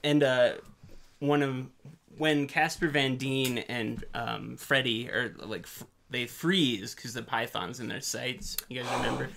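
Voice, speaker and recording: A man with a gravelly, fry-edged voice trading crude jokes about movies in relaxed chat. He swears freely and laughs often, keeping an ordinary middle pitch, with a faint hiss of noise under him. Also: unhurried. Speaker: podcast co-host. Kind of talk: casual movie-riffing chat.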